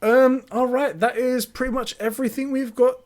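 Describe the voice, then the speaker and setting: A man's voice: extremely high pitch, steady tone, normal speed, darkish tone. A man co-hosting a casual gaming podcast, telling stories animatedly, swearing and laughing often. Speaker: podcast co-host.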